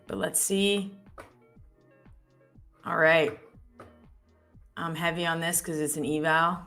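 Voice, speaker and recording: Low, bright-voiced chatty woman. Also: steady tone, faint music behind. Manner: chatty, thinks aloud, quick self-corrections. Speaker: live trading stream co-host. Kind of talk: casual live-stream chat while trading.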